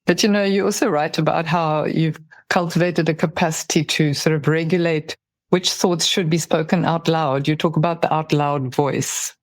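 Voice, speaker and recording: Podcast host, interviewer; measured, thoughtful questions, dry close sound. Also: medium pitch, steady tone, no echo.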